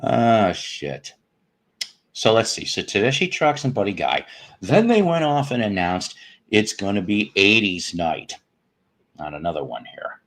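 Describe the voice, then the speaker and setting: A low-pitched man in his fifties talks casually on a home live stream, his voice swinging widely up and down as he greets viewers. He jokes constantly, tossing off puns and salty asides. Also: sing-song, a little slow, a bit bright. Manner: joking, punning, profane asides. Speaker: host of a live music stream. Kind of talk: casual live-stream chat reading comments.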